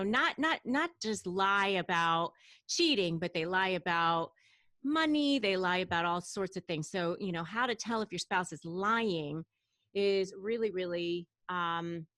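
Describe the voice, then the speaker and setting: A woman host with a fairly low voice asks her guest questions, pausing and restarting as she goes. The sound is dry and close to the mic. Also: fairly bright tone, dry recording. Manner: halting, with fillers and restarts. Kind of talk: interview questions.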